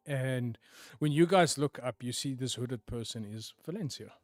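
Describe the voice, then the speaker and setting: A man narrating a tabletop game as game master, often sinking to hushed tones for dramatic moments. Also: mid-range voice, moderate pace, no room sound, soft background music.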